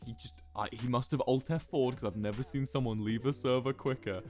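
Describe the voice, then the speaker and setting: A young man streaming, telling a story to his chat in a casual, animated way, swearing freely and acting out what people said. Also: mid-range voice, brisk. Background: faint music.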